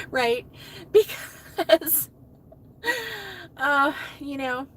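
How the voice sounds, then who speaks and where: A woman's voice: high voice, drawn-out words, a bit bright, slight background noise, poor audio. A middle-aged woman hosting a crochet live stream, chatting casually, laughing often and answering viewers' comments. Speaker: crochet livestream host.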